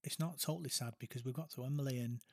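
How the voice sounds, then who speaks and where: A man's voice: mid-range voice, quick pace, creaky, no room sound, studio quality. A man, co-hosting a casual chat, talking hesitantly and reflectively. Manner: hesitant, reflective, soft-spoken. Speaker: podcast co-host.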